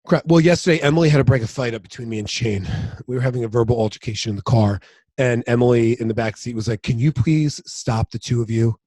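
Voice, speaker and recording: A man's voice: mid-range voice, fast talker, darkish tone, dry recording. Rambling storyteller man, dry close sound. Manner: rambling storyteller, acts out family quotes. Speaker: podcast co-host. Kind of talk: casual chat.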